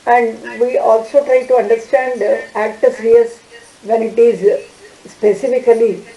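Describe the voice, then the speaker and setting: Woman, law teacher, online class, halting with fillers, roomy echo. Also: fairly high pitch, level tone, dark tone, a little hiss or hum. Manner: halting, many fillers and restarts.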